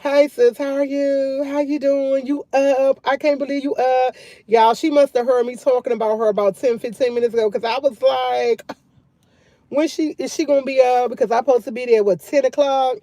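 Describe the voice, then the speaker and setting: Woman, livestream host, loud, chatty, laughing storyteller, dry close sound. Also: high-pitched, fairly even intonation, normal speed, no echo. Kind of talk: casual livestream chat.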